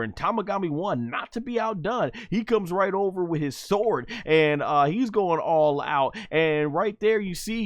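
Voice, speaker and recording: A man hosting an anime review podcast, excitedly recapping fight scenes play-by-play with sound effects and frequent laughter. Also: sits high, no echo, studio quality. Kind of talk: excited episode play-by-play on a livestream.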